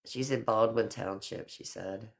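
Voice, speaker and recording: A woman's voice: rumbling low, measured pace, vocal fry. Middle-aged woman, stream host; chatty, affectionate, easygoing live chat. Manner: chatty, affectionate, calls people honey and girl.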